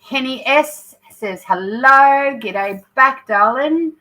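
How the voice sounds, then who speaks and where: A woman's voice: sits high, slow pace, bright, forceful tone, poor audio. A woman with an Australian accent hosting a live craft stream, chatting and reading out viewer comments. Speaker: craft channel host.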